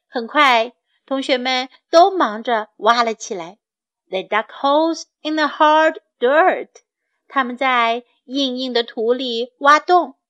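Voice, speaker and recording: A woman reading a storybook aloud to children, her voice high. She takes her time and repeats each phrase clearly for young learners. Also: fairly bright tone. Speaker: storyteller and English tutor for children.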